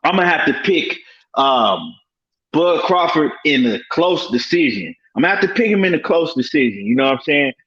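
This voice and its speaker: A man on an online panel talks slowly through his view, hesitating and leaning on fillers and slang. His voice is slightly high. The sound is dull and lo-fi, as if over a call. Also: sing-song, a bit bright. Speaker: panel guest. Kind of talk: casual online panel chat.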